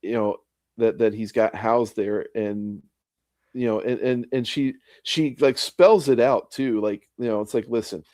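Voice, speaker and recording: A man's voice: medium pitch, a little slow, darkish tone, no echo, studio quality. A man in a casual book discussion, recapping with many fillers and restarts. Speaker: podcast co-host.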